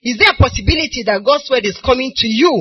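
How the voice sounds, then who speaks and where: A middle-aged woman with a Nigerian accent preaching a sermon, moving from soft storytelling to crying, shouted appeals. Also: high-pitched, expressive, fast, slightly rough, faint music behind. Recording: dull lo-fi recording.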